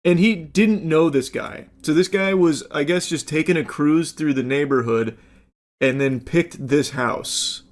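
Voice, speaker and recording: A man's voice: a little high, measured pace. Rambling young streamer man, casual swearing. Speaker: streamer reacting to a clip. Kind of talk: casual reaction commentary.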